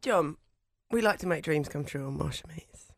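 A man hosting a radio interview, asking quiz questions in a brisk quizmaster manner. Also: on the high side, lively intonation, vocal fry, no echo, clean studio sound. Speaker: radio show host.

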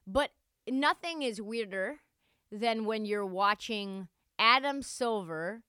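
A young woman hosting a solo sports podcast, talking in a sarcastic, animated, joking way. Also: mid-range voice, a little slow, clean tone, no room sound, clean studio sound. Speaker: podcast host.

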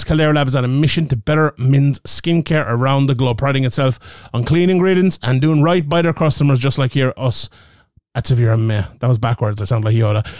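A man's voice: a little high, clean tone, dry recording. Podcast host guy, rambles and jokes thru ad reads, fixes his own words, dry mic. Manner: rambling, jokey, self-correcting. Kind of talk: casual chat and ad reads.

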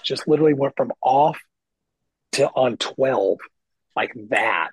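A middle-aged man, a guest guitarist, telling stories in casual podcast chat with lots of swearing and animated emphasis. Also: mid-range voice, measured pace, husky, dry recording, low-quality recording. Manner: profane, animated storyteller. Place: lives in Nashville.

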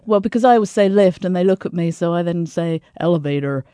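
Brief: female tour guide, warm mellow voice, measured and informative, dry close sound. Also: on the low side, clear, resonant tone, dry recording. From London. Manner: informative, explains in a measured, friendly way. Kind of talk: conversational radio interview.

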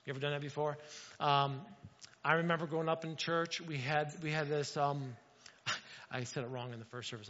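A male pastor preaching a sermon, animated and talking straight to his congregation, acting out little quotes. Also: a little high, moderate pace. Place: church sanctuary. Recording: dull sound with long hall reverb.

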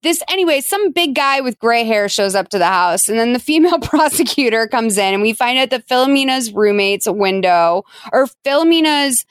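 A woman's voice: a little high, moderate pace, few pauses, clean tone, no room sound. Chatty woman podcast host. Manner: chatty, filler-heavy, animated storytelling. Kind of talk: casual chat.

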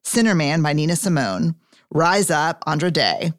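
Woman podcast host, low voice, casual, candid, unhurried when reflecting. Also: very animated, no echo, clean studio sound. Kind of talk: conversational podcast hosting.

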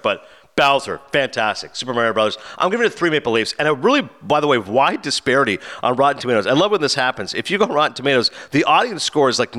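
Fast, bright-voiced male podcast host. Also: medium pitch. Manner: animated, acts out quotes in voices. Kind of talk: casual film review chat.

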